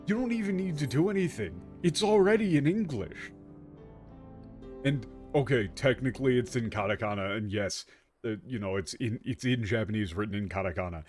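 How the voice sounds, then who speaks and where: A tired young man giving animated, joking let's-play commentary as a streamer, swearing freely. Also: medium pitch, normal speed. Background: faint game music.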